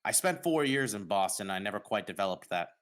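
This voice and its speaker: A man from New York hosting a casual podcast, announcing results with dramatic pauses. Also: fairly low pitch, animated, fairly bright tone. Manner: upbeat, dramatic pauses on reveals. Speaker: host.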